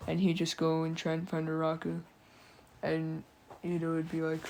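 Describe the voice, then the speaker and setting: A woman's voice: sits low, completely flat delivery, normal speed, darkish tone, a little hiss or hum. A sleepy woman telling a fan story in a casual, slangy, drawling way with many fillers.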